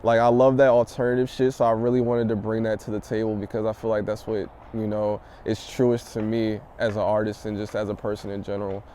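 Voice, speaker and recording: A young man from the DMV area, a rap artist, answering interview questions in a loose, profane, animated way. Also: lowish voice, fairly quick, few pauses, a little hiss or hum.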